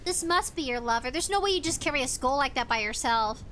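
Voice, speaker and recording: A woman's voice: high-pitched, animated, fast talker, fairly bright tone, slight background noise. A woman live-streaming a game in casual chat, giggling as she reads chat messages and game text aloud. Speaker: VTuber streamer.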